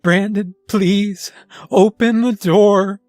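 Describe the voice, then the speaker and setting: A man's voice: high-pitched, little pitch movement, a little slow, no echo, soft background music, pitched above the performer's own voice. A man doing a terrified teenage boy. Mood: begging. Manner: pleading, whimpering.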